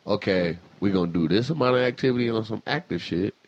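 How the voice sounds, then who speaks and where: A man's voice: on the low side, quick pace. A man hosting a casual chat, talking bluntly and emphatically with lots of swearing. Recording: slightly dull lo-fi sound.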